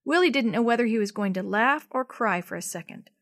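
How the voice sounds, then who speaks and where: A woman telling a chapter story aloud to children, gentle and expressive. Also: a little high, a little fast, dry recording, clean studio sound.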